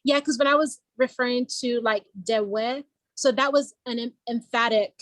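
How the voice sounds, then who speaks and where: A woman asks curious questions as a learner in an online language class. Her voice sits a little high, and the audio is dry and close. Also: fairly even intonation, normal speed, a bit bright, no room sound. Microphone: video call.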